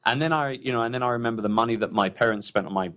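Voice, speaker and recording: A man's voice: medium pitch, very fast, fairly bright tone. A man from London, a business owner chatting as a podcast guest in an upbeat, jokey way. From England, London. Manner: upbeat, jokey, laughs often. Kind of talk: casual interview chat.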